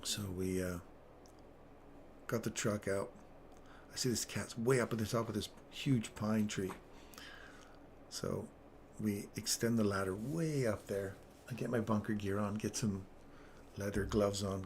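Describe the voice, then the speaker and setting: Man, low voice, casual rambling storytelling, chuckles often, faint background noise. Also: steady tone, measured pace, long pauses. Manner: rambling, laughs between phrases. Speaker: trading live-streamer. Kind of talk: casual storytelling on a live stream.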